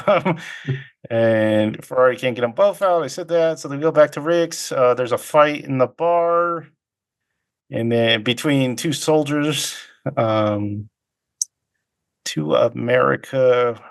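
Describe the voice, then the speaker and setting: A podcast host with a medium-pitched voice casually recaps a film's plot. He rambles and halts, leans on many fillers, and slips in quick impressions of the characters.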